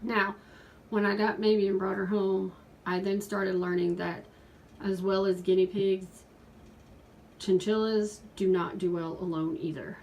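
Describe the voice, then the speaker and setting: A woman's voice: medium pitch, steady tone, unhurried, a little mellow, a little hiss or hum, low-quality recording. A woman in her forties talking earnestly in a casual home video from her pet room, pleading with viewers at points. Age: 40s. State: out of breath. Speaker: pet vlogger.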